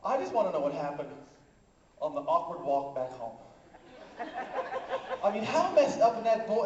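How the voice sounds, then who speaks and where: A man's voice: sits high, sing-song, moderate pace, pauses often. A man doing live stand-up comedy on a conference stage. He rambles with many fillers and works the crowd. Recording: echoey hall, distant, dull lo-fi.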